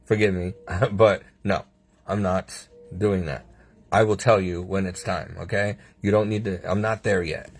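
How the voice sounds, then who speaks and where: Husky-voiced man giving a wry hospital update. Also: low voice, steady tone, unhurried. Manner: wry, sarcastic, acts out the doctors and himself; laughs between remarks. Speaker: patient sharing a hospital update. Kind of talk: casual video diary. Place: hospital room.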